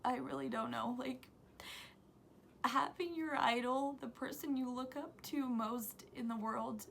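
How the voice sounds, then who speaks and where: A young woman vlogger excitedly telling a story to camera, gushing and breathless, full of restarts. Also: high-pitched, unhurried, gravelly, a little hiss or hum.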